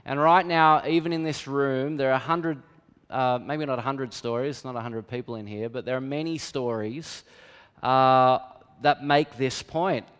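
Middle-aged man, pastor, conversational sermon, smooth resonant voice, reverberant hall. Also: mid-range voice, fairly even intonation, measured pace, fairly bright tone. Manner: candid, conversational storytelling with self-deprecating humour. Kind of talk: sermon with storytelling.

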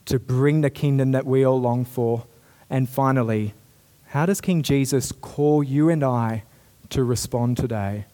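A man's voice: a little high, a little mellow. A young adult man preaching a sermon in an earnest, storytelling way that climbs to emphatic peaks.

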